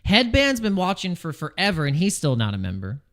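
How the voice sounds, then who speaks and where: A man's voice: on the high side, wildly swooping pitch, fairly quick, fairly bright tone. A man hosting a casual crypto livestream, joking and rambling, reading chat names and restarting his sentences, wired on coffee. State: over-caffeinated.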